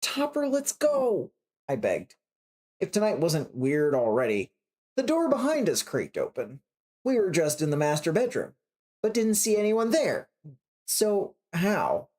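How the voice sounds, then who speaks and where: A woman reading a short story aloud on a writing stream, voicing the dialogue with big pitch swings. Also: sing-song, measured pace, warm tone. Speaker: reader on a writing prompt stream. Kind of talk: reading a story aloud, then casual chat.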